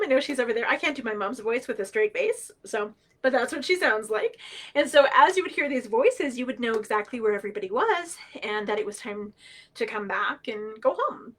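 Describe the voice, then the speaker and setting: Bright-voiced, playful woman storyteller. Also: a little high, brisk. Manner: animated and playful, laughs often, acts out quoted voices. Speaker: storyteller and knowledge keeper. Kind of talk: humorous teaching storytelling on a livestream.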